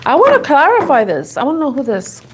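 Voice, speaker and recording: A woman's voice: high-pitched, wildly swooping pitch, quick pace, noisy background. A woman giving a casual tarot reading, talking and thinking aloud in a chatty, giggly way. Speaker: tarot reader.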